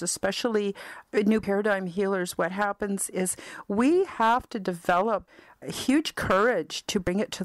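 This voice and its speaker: A woman's voice: mid-range voice, no room sound. Middle-aged Canadian woman, earnest heartfelt testimonial, dry close recording. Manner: earnest, heartfelt, repetitive phrasing. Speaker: spiritual counselor and vlogger. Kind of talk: personal testimonial talk.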